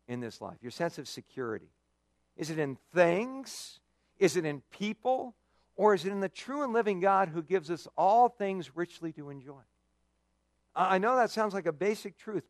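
A male pastor preaching a sermon, telling stories with lively dramatic emphasis. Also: fairly high pitch, dry recording. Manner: animated storytelling with dramatic emphasis.

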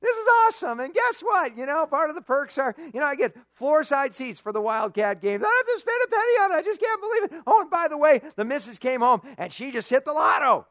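A man's voice: very high voice, fast talker, few pauses, no room sound, clean studio sound, voice pushed up, exaggerated voice. A man voicing a cheery neighbor who gushes and brags about his good fortune during a sermon. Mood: gloating excitement. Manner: gushing, excited bragging. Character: boastful cheery male neighbor bragging about his luck.

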